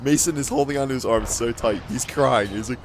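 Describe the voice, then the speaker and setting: A man's voice: mid-range voice, a little fast, faint music behind. A man casually telling a rambling story with frequent chuckles and fillers, as a gaming channel host. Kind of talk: casual storytelling over gameplay.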